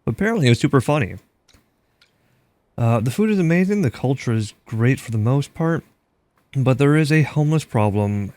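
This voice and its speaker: A man's voice: fairly low pitch, a little mellow, smooth, no room sound. A young man from Minnesota chatting casually while playing a game, rambling and filling his talk with "like". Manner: rambling, heavy use of "like". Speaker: gaming streamer. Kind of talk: casual chat while gaming.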